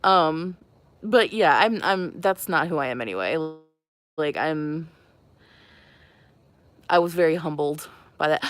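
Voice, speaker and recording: A woman's voice: low-pitched, animated, slow, long pauses. A woman hosting a makeup livestream, chatting casually and giggling as she answers her viewers. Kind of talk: casual live-stream chat with viewers.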